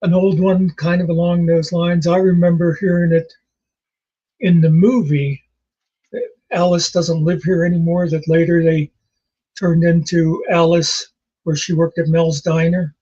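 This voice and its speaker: A man in his sixties with a husky voice, chatting casually as a host and telling rambling jokes and memories. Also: a little high, little pitch movement, unhurried, dark tone. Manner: rambling storyteller, laughs at his own jokes. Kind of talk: casual chat. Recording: dull lo-fi recording.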